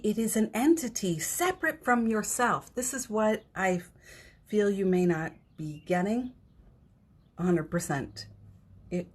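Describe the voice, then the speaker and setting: Woman, spiritual talk host, gentle, candid, teary, husky, lowish pitch. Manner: gentle, candid, reads viewer comments aloud. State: teary, emotional. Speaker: host of a spiritual morning show. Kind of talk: live-streamed spiritual talk.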